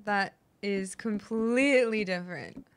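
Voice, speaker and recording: A woman streaming a game, talking casually to herself and her viewers, often muttering under her breath and bursting into loud, excited squeals. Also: mid-range voice, unhurried. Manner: chats back to viewers, teasing and argumentative. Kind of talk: casual live gameplay commentary.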